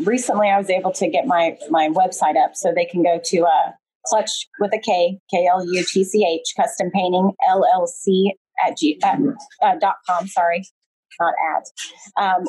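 Casting: woman, husky voice, chatty guest storyteller on a video call. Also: lowish voice, steady tone, normal speed, a little mellow, poor audio. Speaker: guest, painting business owner. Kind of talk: casual conversational interview. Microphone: remote video call.

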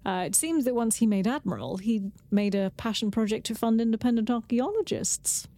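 A woman's voice: a little high, animated, a little fast, mellow. A woman co-hosting a podcast in casual chat, giving informative recaps with brief fillers. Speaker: podcast co-host.

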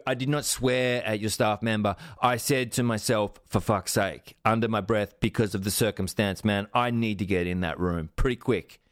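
A man telling a funny story on his podcast, animated and sweary, laughing at himself. His voice sits at an everyday middle pitch. The recording is close and dry, with no room around it. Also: no echo. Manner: animated, sweary, self-mocking. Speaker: podcast host. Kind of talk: casual storytelling.

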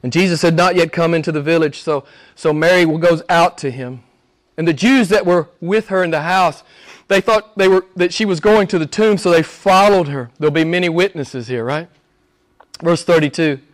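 A man preaching a sermon as pastor, asking the congregation question after question, rising to loud emphatic peaks and dropping to hushed low asides. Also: moderate pace.

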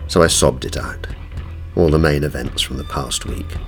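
Brief: deep-voiced male audiobook narrator, steady pace. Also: moderate pace, soft background music. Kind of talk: first-person audiobook narration.

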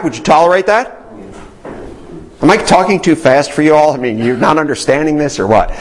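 A man's voice: fairly high pitch, rough recording. A man teaching a Bible study in a conversational way, often putting questions to the group.

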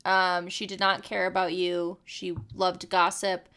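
Creaky-voiced woman chatting casually. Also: on the low side, unhurried. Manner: rambling, profane, animated storytelling. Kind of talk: casual chat.

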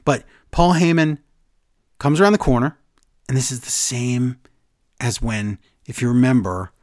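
A man's voice: mid-range voice, a little slow, no room sound, clean studio sound. A man co-hosting a casual podcast chat, recapping wrestling and acting out the quotes in different voices. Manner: animated, acts out quotes with voice changes.

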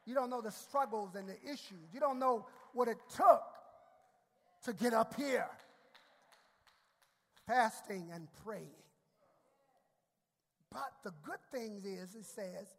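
A male pastor preaching a sermon, repeating words and rising to shouted climaxes. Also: high-pitched, slow, long pauses. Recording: long hall reverb.

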